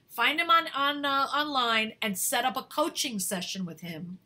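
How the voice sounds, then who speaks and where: A woman talent manager giving career advice to actors, energetic and emphatic, repeating words for stress and searching for words with fillers. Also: high voice, normal speed, hardly any pauses. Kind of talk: advice talk to camera.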